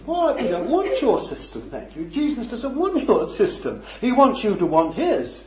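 Preacher with a lively, high voice. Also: male voice, normal speed, hardly any pauses. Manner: conversational, full of rhetorical questions, chuckling. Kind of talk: sermon. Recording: roomy, dull lo-fi recording.

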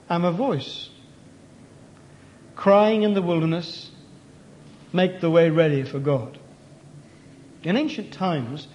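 A man's voice: high-pitched, a little mellow, muffled recording. A man preaching a sermon, telling a story and acting out its questions and answers.

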